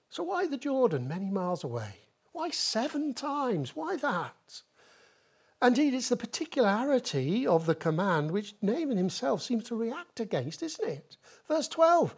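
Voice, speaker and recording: A woman's voice: a little high, sing-song, measured pace, a little mellow, slightly rough. A woman preaching a sermon, asking rhetorical questions and repeating points for emphasis.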